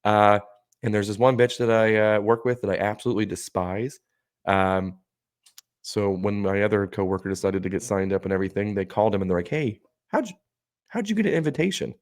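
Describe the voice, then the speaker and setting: A man's voice: lowish voice, level tone, a little fast, no room sound, clean studio sound. A man co-hosting a podcast who tells a story in a casual, profane, heated rant. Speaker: podcast co-host.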